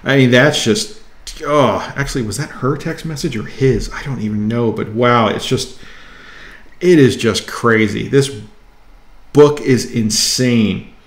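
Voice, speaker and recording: A man casually reviewing his weekly comic haul, enthusiastic and excitable. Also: mid-range voice, measured pace, roomy sound.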